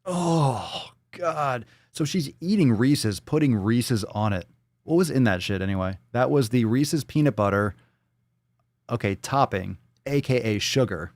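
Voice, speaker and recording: A man's voice: mid-range voice, animated, normal speed, a little mellow, no echo, clean studio sound. A man hosting a fitness show, reacting bluntly and crudely to a clip in profane live-stream commentary.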